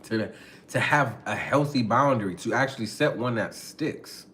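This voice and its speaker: A man's voice: mid-range voice, normal speed, pushed and bright. Brief: male podcast host, casual relationship talk, slangy and laughing, faint background hiss. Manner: loose slangy talk, frequent laughter and profanity.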